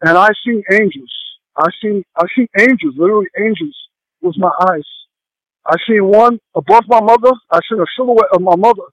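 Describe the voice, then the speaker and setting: Halting, earnest man with a high voice. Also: expressive, a bit bright, no room sound, poor audio. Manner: halting, with many pauses and fillers; earnest and heartfelt. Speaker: guest sharing a personal testimony. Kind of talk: emotional personal testimony.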